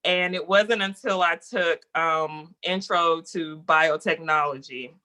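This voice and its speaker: A woman guest in a casual interview, telling a story in a lively, animated way and acting out what people said. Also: deep voice, slow. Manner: lively, animated storyteller who acts out quotes.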